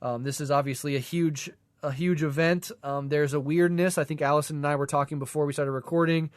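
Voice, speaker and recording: A man's voice: a little high, steady tone, brisk, dry recording, clean studio sound. A man co-hosting a podcast in a casual political discussion, congested from a cold, talking in a loose, rambling way with many fillers. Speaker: podcast co-host.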